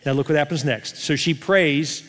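A middle-aged male pastor preaching a sermon in a conversational, animated way, often asking the crowd questions. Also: on the high side, moderate pace. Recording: long hall reverb.

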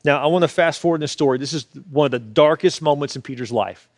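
A man preaching a sermon as a pastor, swinging from loud, urgent pleas to hushed, low asides, often repeating words as he builds. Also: quick pace, dry recording, clean studio sound. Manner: repeats words and restarts when fired up.

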